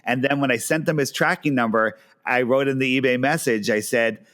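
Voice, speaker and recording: A man's voice: medium pitch, a little fast, a bit bright. A middle-aged man in casual conversation, telling stories with enthusiasm and acting out the lines of people he quotes, with many restarts and fillers. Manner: enthusiastic storyteller, acts out quoted dialogue.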